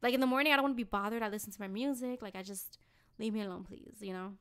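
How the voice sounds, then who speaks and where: A young woman co-hosting a podcast, telling a story in a blunt, animated, profane way. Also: medium pitch, rapid-fire, smooth. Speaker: podcast co-host. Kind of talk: casual podcast chat.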